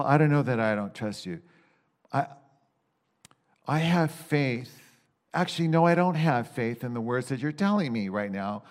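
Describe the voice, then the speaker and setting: A man telling in a loose, candid way how he talks with God, with many restarts. He moves between exasperated bursts and quiet, reflective stretches. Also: medium pitch. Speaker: Christian speaker sharing a personal reflection. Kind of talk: casual spoken reflection.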